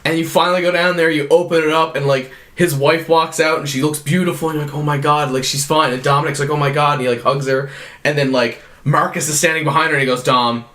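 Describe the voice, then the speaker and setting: Animated young man telling a story. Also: a little high, fast, echoey room. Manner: animated storyteller, swears freely. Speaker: podcast co-host. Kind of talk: casual chat among friends.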